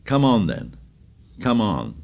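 A man voicing a defiant, aggressive boy chief who shouts and taunts. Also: on the low side, huge pitch swings, slow, gravelly, a little hiss or hum, heavily acted. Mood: taunting.

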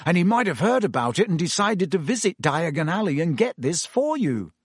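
A man reading aloud voices an excitable, impatient teenage boy who talks loudly and boisterously. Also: high voice, fairly quick, husky, no room sound, studio quality, pitched above the performer's own voice, exaggerated voice. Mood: excited.

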